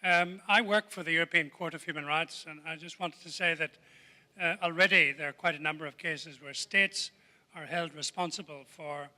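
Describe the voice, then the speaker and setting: A man making a measured, hesitant comment from the audience at a conference. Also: on the high side, steady tone, sharp tone, in a large hall. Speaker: audience member, court lawyer. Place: large conference hall.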